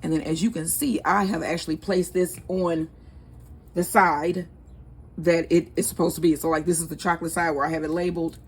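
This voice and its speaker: A woman's voice: fairly low pitch, fairly even intonation, fairly quick, slightly rough. A woman, chatting casually and rambling as she hosts a home cooking vlog. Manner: chatty, rambling, laughs easily. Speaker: cooking channel host.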